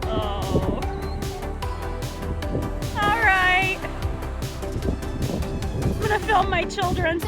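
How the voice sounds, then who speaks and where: Woman vlogger, gushy, giggly, very high, bouncy pitch, music behind. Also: sing-song, very slow, long pauses. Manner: gushing, giggly, baby-talks to her horses. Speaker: vlogger at a horse barn. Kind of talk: casual vlog chat. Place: outdoors at a barn pasture.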